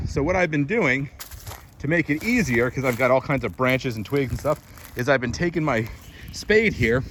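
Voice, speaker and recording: A man's voice: medium pitch, fairly bright tone, a little hiss or hum. A man hosting a casual homestead how-to vlog outdoors in his garden, chatty, explaining as he works and a bit out of breath. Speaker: homestead vlogger.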